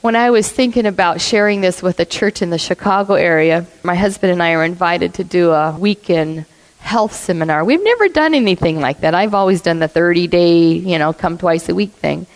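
A woman telling a story in a sermon, blunt and animated, acting out what people said. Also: lowish voice, fairly quick. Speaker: church speaker. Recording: long reverb of a hall.

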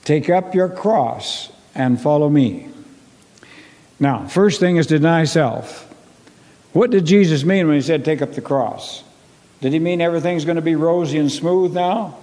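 A man preaching a sermon to his congregation, earnest and repetitive, often clearing his throat. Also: fairly high pitch, measured pace, mellow. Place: church sanctuary. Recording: long reverb of a church hall.

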